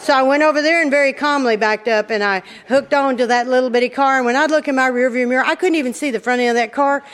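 Speaking quickly with few pauses, a middle-aged woman with a high voice tells a funny tale from her life to an audience, and a faint crowd can be heard. Her delivery is lively, drawling and folksy, and she laughs often.

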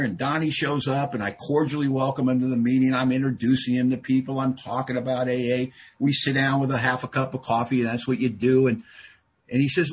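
A man speaking at a recovery meeting, telling a personal story with big swings from low mutters to loud outbursts. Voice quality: very husky. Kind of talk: storytelling talk.

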